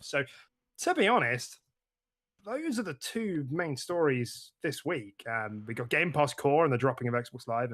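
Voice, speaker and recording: A man's voice: medium pitch, a bit bright. A young man co-hosting a casual gaming podcast, chatty, with lots of fillers and restarts. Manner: chatty, laughs often, frequent fillers and restarts. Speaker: podcast co-host.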